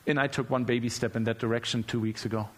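A male preacher delivering a relaxed, humorous sermon who often repeats words as he speaks off the cuff. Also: medium pitch, fast talker. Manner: conversational and humorous, repeats words while searching.

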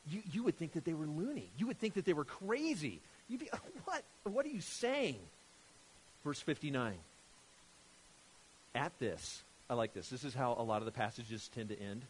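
A man preaching a sermon, emphatic and animated, often restarting his phrases. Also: mid-range voice, moderate pace, slight background noise. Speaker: pastor.

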